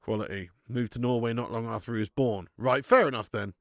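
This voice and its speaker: A man hosting a live football watch-along, chatting in a sweary, jokey way and breaking into excited commentary. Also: medium pitch, a little fast, no room sound, clean studio sound. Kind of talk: live match commentary and chat.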